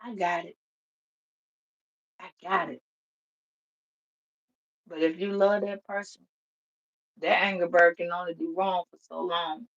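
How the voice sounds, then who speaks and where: A woman's voice: fairly low pitch, measured pace, long pauses, muffled recording. Profane, blunt woman giving a casual reading. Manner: profane, blunt and animated, laughs often. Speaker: tarot reader. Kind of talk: casual spiritual reading monologue.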